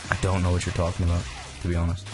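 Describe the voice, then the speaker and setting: A man's voice: deep voice, monotone, racing. A young man hosting a casual chat while playing a game, talkative and opinionated, swearing freely. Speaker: gamer host. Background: faint game music.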